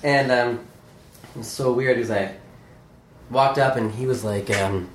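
A man's voice: medium pitch, measured pace. A man telling a casual anecdote, hesitant and self-deprecating, with many fillers and restarts. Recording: echoey room, faint background hum.

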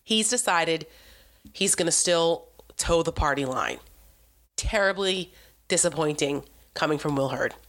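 A woman's voice: deep voice, a little slow, long pauses, a bit bright. Exasperated woman in a political rant. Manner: exasperated, sarcastic, emphatic. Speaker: political commentator. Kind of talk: opinionated monologue.

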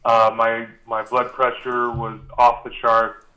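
A man of ordinary pitch, his voice bright and forceful, recalls an ordeal as a guest. He tells it in a relaxed, animated way, acting out the back-and-forth dialogue and often filling pauses with "uh". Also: slight background noise, rough recording. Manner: animated, acts out dialogue, frequent "uh" fillers. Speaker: guest recalling a reality show. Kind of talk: casual storytelling.

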